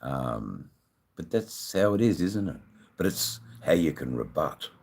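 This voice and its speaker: Very deep, husky Australian man. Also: big pitch swings, unhurried, a little mellow. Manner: rambling, swears freely, many "you know"s. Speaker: live-stream host. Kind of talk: casual live-stream chat with viewers.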